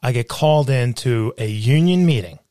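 A man's voice: medium pitch, normal speed, no room sound. A man who once worked as a studio tour guide, chatting casually and acting out the voices in his story. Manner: animated storyteller, acts out voices of others.

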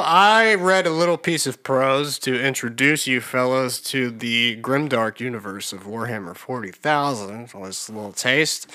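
A man co-hosting a podcast, chatting casually and cracking crude jokes. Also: medium pitch. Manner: joking, crude, animated. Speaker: podcast co-host.

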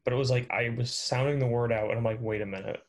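A man's voice: mid-range voice, little pitch movement, quick pace. A young man co-hosting a podcast, chatting in a wordy, good-humored way. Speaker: podcast co-host. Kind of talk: casual chat.

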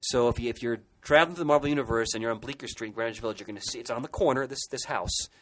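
A man talks very fast in a medium-pitched, fairly bright voice on a low-quality recording. As a podcast co-host in a casual chat, he recounts comic book history excitedly, wandering off and restarting many times.

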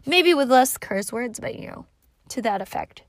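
A vlogger in her thirties tells a casual, rambling story, animated and profane, packed with fillers and swearing. Her voice is fairly high and moderately paced, recorded dry with clean studio sound.

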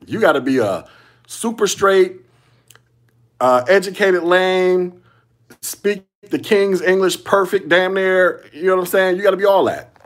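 A podcast host with a high-pitched voice speaks at a measured pace on his solo show. His casual commentary is loose and slangy, and he repeats himself and chuckles often.

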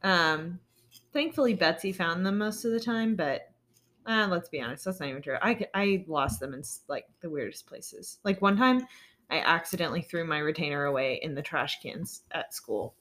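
A woman's voice: fairly low pitch, normal speed, fairly bright tone. A young woman co-hosting a podcast, chatting casually and telling rambling, self-deprecating stories. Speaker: podcast co-host. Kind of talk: casual chat.

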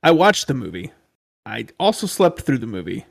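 Laid-back dad musician, easygoing chat. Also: male voice, mid-range voice, very animated, moderate pace, vocal fry. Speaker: returning guest, musician. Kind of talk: casual chat.

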